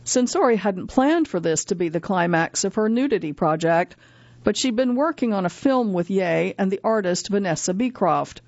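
A woman narrates a magazine article in a measured, steady reading voice, now and then correcting herself. Her pitch sits in a middle range. The recording is close and dry, with a slightly muffled, dull tone. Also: no room sound. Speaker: article reader. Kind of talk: scripted narration of a magazine feature.

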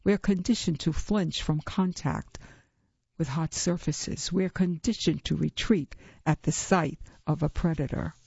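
A woman reading as a dragon lady lecturing a class of women, slow and dry with a mocking edge, the voice rough and gravelly, a bit husky, dull lo-fi sound. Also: steady tone, warm tone, no room sound, full character voice. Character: cold, amused dragon woman teaching a class. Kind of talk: audiobook reading. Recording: dull, low-fi recording.

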